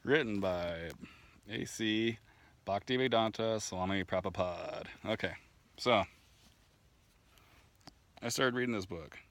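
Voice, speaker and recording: Deep-voiced man telling a rambling story. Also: takes it slowly, long pauses. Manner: rambling, laughs often, restarts and fillers, gets animated. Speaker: vlogger sharing spiritual testimony. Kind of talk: casual personal storytelling to camera. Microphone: camera mic.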